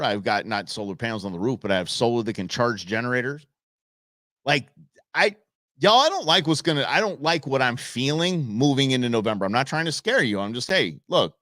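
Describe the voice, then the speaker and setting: A man from Southern California hosts a live show, chatting casually, rambling with animation, and tossing folksy asides to his viewers. His voice is medium-pitched, in a dry, studio-quality recording.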